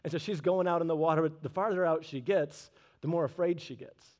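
High-pitched preacher guy, thirties, tells funny family stories in his sermon. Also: a little fast. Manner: lively storyteller with joking asides. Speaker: pastor.

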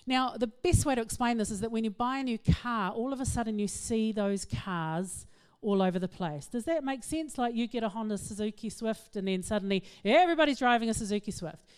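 A middle-aged woman, giving a humorous, self-mocking talk to an audience in an animated storytelling manner. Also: on the high side, brisk, few pauses, clear, resonant tone. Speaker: speaker.

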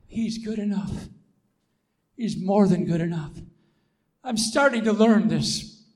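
High-voiced man preaching with fervor. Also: slow pace. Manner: emphatic, repetitive, rising to loud declarations. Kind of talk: sermon.

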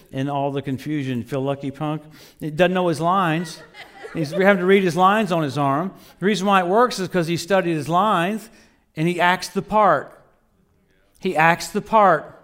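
A middle-aged man preaching a sermon, telling stories with lively swings between loud bursts and low murmurs, laughing often. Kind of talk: sermon with storytelling.

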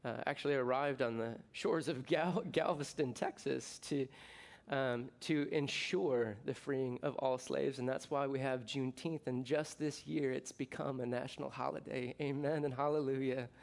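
A middle-aged man from the United States preaching a sermon as pastor, talking in a conversational, jokey way with bursts of excitement. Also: mid-range voice, normal speed, gravelly.

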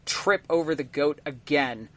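A man running a tabletop role-playing game as game master, narrating the scene haltingly with frequent ums and uhs. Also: a little high.

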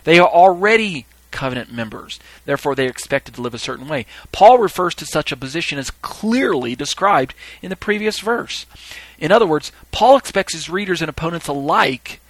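A man's voice: on the high side, lively intonation, fairly quick, fairly bright tone, dry recording, low-quality recording. A man giving a podcast Bible teaching who reads scripture and his commentary aloud. He searches his notes with fillers and grows emphatic as he explains.

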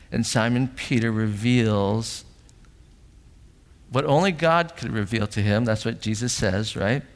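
A middle-aged man preaching a sermon as pastor in a church sanctuary, animated, acting out voices and asking rhetorical questions. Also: medium pitch. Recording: long hall reverb.

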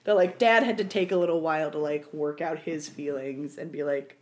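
A woman's voice: low-pitched, a little fast, a little hiss or hum. A young woman co-hosting a casual chat, telling stories animatedly with lots of "like" and acted-out quotes. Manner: animated storyteller, many "like" fillers, acts out quotes.

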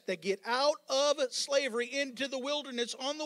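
A man over fifty preaching a sermon as pastor, fervent and repetitive, building up to yelling with joking asides. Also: very high-pitched, quick pace, few pauses.

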